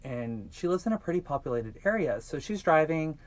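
A man hosting a podcast, telling a true-crime story in a casual, animated way and swearing freely. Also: on the high side, brisk. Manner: animated, swearing, acts out quoted voices. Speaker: podcast host.

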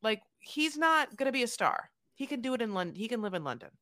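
Bright-voiced sarcastic woman podcaster. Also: on the high side, very animated, brisk. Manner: rambling, sarcastic, full of fillers. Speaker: podcast co-host. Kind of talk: casual chat recapping a reality show.

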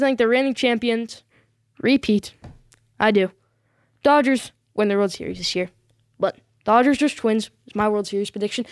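A woman's voice: high voice, dry recording. Emphatic woman giving sports picks. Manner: emphatic, insistent, repeats short affirmations. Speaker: sports vlog host. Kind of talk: casual sports predictions.

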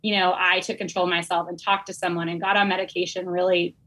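A woman's voice: fairly low pitch, flat delivery, fast talker, a bit bright, rough recording. A young adult woman, a teacher, telling her story on a podcast in a candid, earnest way. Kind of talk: casual podcast conversation.

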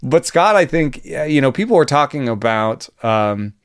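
Male baseball podcast guest, chatty, laughs a lot, smooth voice, lowish pitch, dry close sound. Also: very animated, moderate pace, dry recording. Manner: chatty, frequent fillers and self-restarts, laughs often. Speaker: baseball analyst. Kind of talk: casual podcast chat.

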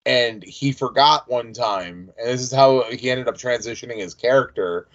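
A man's voice: medium pitch, moderate pace, a bit bright. Chatty man co-hosting a podcast. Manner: chatty, tells long side stories. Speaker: podcast co-host. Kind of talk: casual chat. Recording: dull lo-fi sound.

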